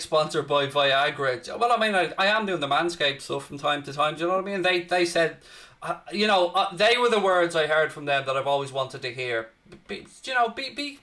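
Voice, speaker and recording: A man's voice: fairly high pitch, sharp tone. A man, hosting a live football watchalong with brash, crude, mock-boastful banter. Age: 30s. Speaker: host.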